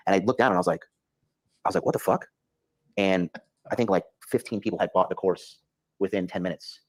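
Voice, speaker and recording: A man's voice: low-pitched, no echo, low-quality recording. A man telling a long personal story as a podcast guest, acting out his inner thoughts and swearing freely. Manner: fast, animated, acts out his own inner voice with lots of swearing.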